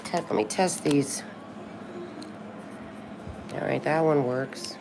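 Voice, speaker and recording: A woman's voice: deep voice, slow pace, creaky, background noise. A woman in her sixties chatting casually on a live stream, talkative and swearing freely when frustrated. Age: 60s.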